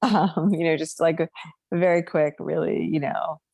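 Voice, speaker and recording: A woman's voice: sits low, steady tone, a little slow, vocal fry, darkish tone, breathy edge, no echo. A woman co-hosting a podcast in casual chat, laughing often and chatty with many fillers. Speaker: podcast co-host.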